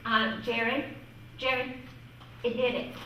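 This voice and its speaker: A woman from northwest Ohio, a music teacher giving a lively storytelling workshop talk to fellow teachers. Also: on the high side, slow, noisy background. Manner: lively, storytelling, quotes voices. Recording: echoey room from far off.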